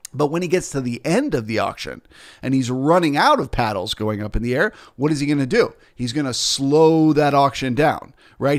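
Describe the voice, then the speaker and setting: A man teaching as a futures trader, explaining the market through rhetorical questions and frequent "right?" and "okay?" check-ins. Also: a little high. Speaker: futures trader and trading educator.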